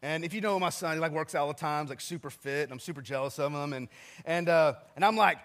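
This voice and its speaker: Preaching with a conversational, self-mocking storytelling style, this man in his forties often turns to address the congregation directly. He talks fast, with a slightly high, slightly bright voice and an even tone.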